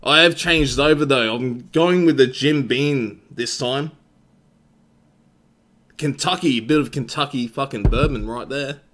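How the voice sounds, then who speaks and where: A man's voice: medium pitch, unhurried, fairly bright tone, a little hiss or hum. A young Australian man hosting a game tournament live-stream, chatting casually with his viewers and swearing freely.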